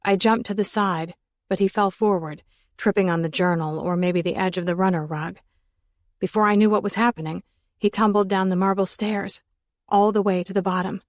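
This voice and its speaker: A woman's voice: mid-range voice, steady tone, normal speed, loud music behind the voice. A woman narrating an audiobook in the first person, with an intense, emotional delivery.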